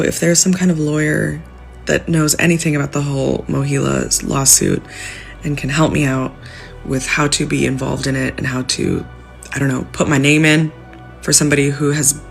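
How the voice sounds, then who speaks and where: Young woman venting in a vlog, low gravelly voice, sounds upset and pleading. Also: a bit bright. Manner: distressed, pleading. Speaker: civil servant with student debt. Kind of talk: emotional vlog rant.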